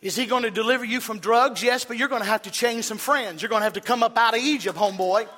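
Man, preacher, sermon, emphatic delivery, high voice, sharp tone. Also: fast. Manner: emphatic, rising to shouts and dropping to low intensity. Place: church sanctuary.

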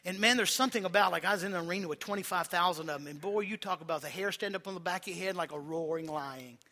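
High bright-voiced guy preaching, gets the crowd to repeat stuff back, goes from soft and slow to loud. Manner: preaching with call-and-response to a congregation; swings from quiet and slow to loud and emphatic. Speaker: pastor. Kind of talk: sermon.

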